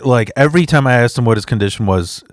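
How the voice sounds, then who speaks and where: Man, casual storyteller, swears a lot, animated retelling, mid pitch, dry sound. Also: fast talker, no echo. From immigrant. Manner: profane, rambling, animated retelling. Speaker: podcast guest, standup comedian.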